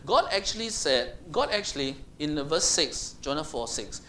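A man preaching a sermon in an animated way, asking the congregation questions and acting out Bible voices. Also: fairly high pitch, normal speed, few pauses, slight background noise.

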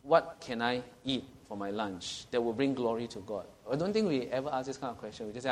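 A man's voice: medium pitch, animated, brisk, slight background noise. A middle-aged man with a Singaporean English accent, preaching a sermon in a conversational way, asking the congregation questions and chuckling at his own jokes.

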